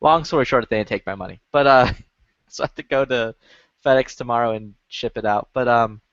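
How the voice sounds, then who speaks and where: A man's voice: mid-range voice, fairly quick, a bit bright, no echo. Male, casual profane storyteller, dull dry lo-fi sound. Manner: swears a lot, rambling storytelling. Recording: dull lo-fi stream audio.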